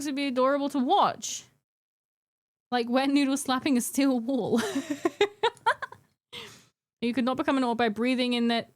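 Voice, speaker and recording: A young adult woman chatting casually with her live-stream chat while painting miniatures, giggling and bantering playfully. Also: a little high.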